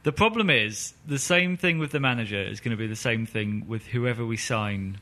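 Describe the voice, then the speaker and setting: A man with a bright, forceful, mid-pitched voice talks on a casual football podcast. He lays out his pessimistic views in a plain, matter-of-fact way. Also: moderate pace. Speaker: podcast guest.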